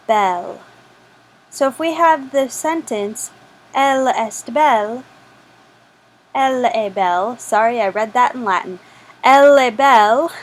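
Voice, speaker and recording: A woman's voice: on the high side, poor audio. A woman teaching a French lesson, patiently repeating each word for practice. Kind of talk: slow spoken language lesson.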